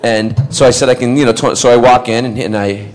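A middle-aged man born in Scotland telling a convention anecdote, animated and acting out the other people's voices, laughing often. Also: medium pitch, a little fast. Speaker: actor telling convention stories. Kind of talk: casual convention panel anecdote.

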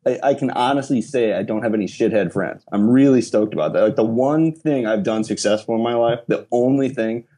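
Man, casual chat, mellow dark voice, rambling, profane. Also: medium pitch, a little fast, few pauses. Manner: rambling, profane, laughs often.

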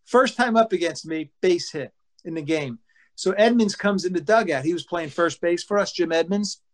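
A man, a former baseball pitcher, telling casual anecdotes with animated delivery, acting out his teammates' lines and swearing casually. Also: moderate pace.

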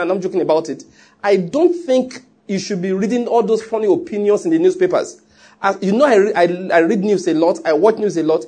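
A pastor delivers a sermon in a high, husky voice. He preaches emphatically and drives his points home with rhetorical questions. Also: a little mellow.

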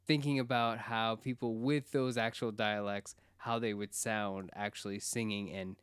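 A man's voice: lowish voice, fairly even intonation, moderate pace, smooth, no room sound, studio quality. A young man co-hosting a casual TV recap chat, rambling and enthusiastic with frequent fillers. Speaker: podcast co-host.

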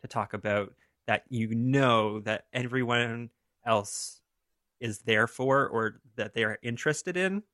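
A man's voice: mid-range voice, a little slow, bright, forceful tone, no echo, studio quality. A young man co-hosting a podcast, chatting casually and rambling through a story with frequent laughs. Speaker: podcast co-host. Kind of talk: casual chat.

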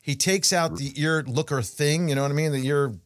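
A middle-aged man co-hosting a podcast, telling a story in casual chat with animated delivery and frequent restarts. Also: a little high, a little fast, dry recording, studio quality. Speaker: podcast co-host.

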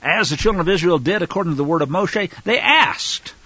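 Man teaching scripture, bright husky voice, goes from chatty asides to fired up. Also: sits high, lively intonation, a little fast, no echo, lo-fi sound. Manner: fervent, rises to loud denunciation; conversational asides to listeners. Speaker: fellowship teacher.

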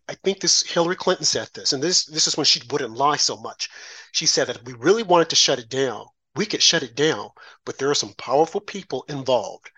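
A man's voice: on the high side, fairly bright tone. A man co-hosting a political commentary show, ranting with pointed rhetorical questions. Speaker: co-host.

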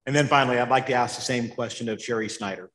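A man's voice: medium pitch, fast talker, fairly bright tone. A man moderating a panel, asking brief, polite questions. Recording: echoey hall with long reverb.

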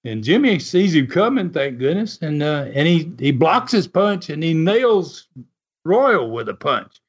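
A man casually telling an animated, folksy story and chuckling often as he goes. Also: fairly high pitch, a little slow, slightly rough. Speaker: storyteller recalling wrestling TV. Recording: dull lo-fi sound.

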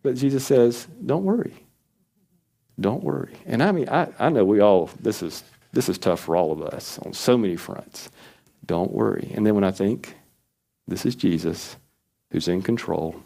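A man's voice: lively intonation, normal speed, gravelly, mellow. A man preaching a sermon in an earnest, conversational way, acting out quoted prayers. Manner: earnest, acts out quoted prayers with rising pitch. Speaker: pastor.

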